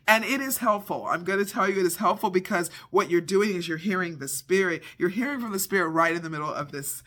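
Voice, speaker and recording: A middle-aged man with a high, ringing voice gives a devotional talk. He tells his story in a lively, expressive way, acting out each scene as he goes. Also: fast talker. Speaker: devotional speaker.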